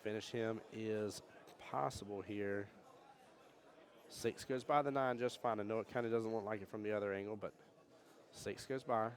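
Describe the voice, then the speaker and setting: A man giving jokey, animated live commentary on a pool tournament and reading chat comments aloud. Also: fairly low pitch, normal speed, long pauses. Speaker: pool match commentator and streamer. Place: pool hall during a tournament.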